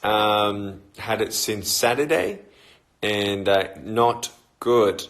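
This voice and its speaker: A middle-aged Australian man chatting casually on a phone livestream, greeting viewers by where they are and filling pauses with ums and uhs. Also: fairly low pitch, fairly bright tone. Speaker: motivational speaker. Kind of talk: casual live-stream chat.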